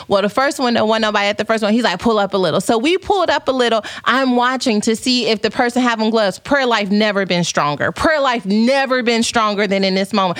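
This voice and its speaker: A woman's voice: a little high, no echo, studio quality. A woman hosting a podcast, telling a story in a playful, dramatic casual chat and reading viewer comments aloud. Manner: animated, playful, dramatic retelling.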